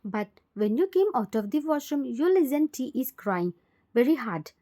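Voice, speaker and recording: A woman narrating a fan fiction story in second person, in a plain, steady storytelling manner. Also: a little high, moderate pace.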